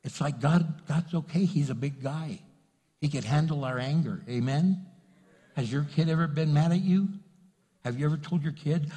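A man's voice: a little high, moderate pace, dark tone, husky. A pastor giving an earnest sermon, speaking directly to his congregation and repeating his points for emphasis. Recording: long hall reverb.

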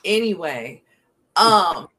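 Animated yet slow, a podcast host with a low, sharp-toned voice chats casually and frankly. She laughs frequently and fills her speech with ums.

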